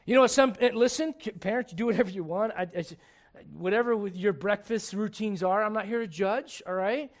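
A man preaching a sermon in church, humorous and animated, dropping to quiet asides and rising to shouts. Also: sits high, a little fast. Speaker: pastor.

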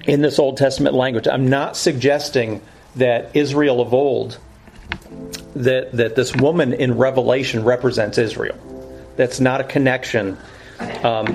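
A man's voice: medium pitch, steady tone, moderate pace, faint music behind, poor audio. A man teaching through Bible verses in a sermon style, earnest and explanatory, often correcting himself as he goes.

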